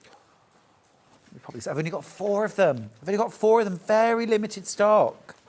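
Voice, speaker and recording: A woman's voice: mid-range voice, expressive, normal speed, darkish tone. A middle-aged woman presenting crafts on a shopping channel, chatty, jokey and upbeat as she demonstrates products live.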